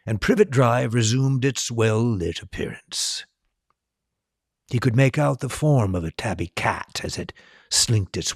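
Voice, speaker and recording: A man reading a storybook aloud as host, slow and expressive. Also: mid-range voice, gravelly, husky, no room sound, clean studio sound.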